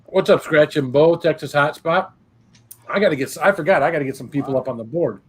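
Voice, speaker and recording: A man's voice: on the high side, brisk, slight background noise. A man hosting a livestream, talking in a rambling, laid-back way full of fillers and restarts. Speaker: livestream host. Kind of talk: casual chat.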